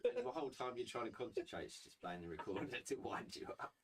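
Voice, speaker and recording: A man narrating a tabletop game as dungeon master, relaxed, with big swings in pitch. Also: fast, vocal fry, distant mic, slight background noise. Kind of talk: narrating a tabletop game over video chat.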